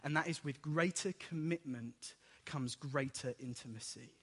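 A man preaches a sermon and acts out the story as he tells it. His voice sits a little high, and it rings with the long reverb of a large hall. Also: a little slow, husky. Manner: animated storytelling, acts out dialogue.

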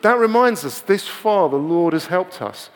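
A man preaching a sermon to his church in a relaxed, conversational way, often putting rhetorical questions to the congregation. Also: sits high, normal speed, long reverb tail, a little hiss or hum.

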